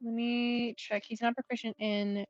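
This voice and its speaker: A woman playing in a tabletop game, answering in a hesitant, soft-spoken way. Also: on the high side, level tone, measured pace, dry recording. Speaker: player. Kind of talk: casual tabletop play. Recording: slightly muffled home mic.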